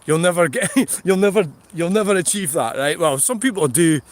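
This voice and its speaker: A middle-aged Scottish vlogger livestreams from a field outdoors, chatting bluntly, swearing, and laughing often as he rambles. His voice is high-pitched and his pace moderate.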